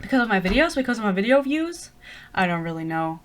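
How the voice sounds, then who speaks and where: A woman in her twenties from Germany, speaking English with a light German accent, rambling excitedly in a casual book podcast chat and swearing freely. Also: medium pitch, quick pace. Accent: German-influenced English. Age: 20s. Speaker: podcast host.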